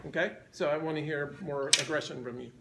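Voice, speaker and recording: High-voiced man conducting a band rehearsal. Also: fairly quick, vocal fry, noisy background. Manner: counts in, sings phrases to demonstrate. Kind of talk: rehearsal instruction. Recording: band music in the room. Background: band playing.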